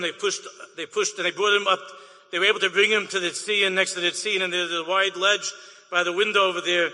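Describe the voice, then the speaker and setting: A man's voice: high voice, sharp tone, in a large hall. A man, a rabbi, tells an emotional story to an audience, dropping Yiddish and Hebrew words and repeating his phrases.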